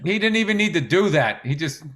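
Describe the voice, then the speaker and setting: A man's voice: sits high, lively intonation, fairly quick, a bit bright. A man co-hosting a podcast in casual chat, wry and joking, telling stories with lots of animation. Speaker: podcast co-host.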